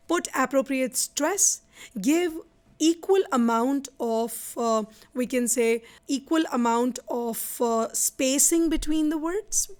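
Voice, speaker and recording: A woman's voice: fairly high pitch, darkish tone. A woman with an Indian accent teaching an English exam lesson, mixing Hindi and English and explaining with fillers like "you know.". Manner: switches between Hindi and English. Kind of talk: spoken lesson.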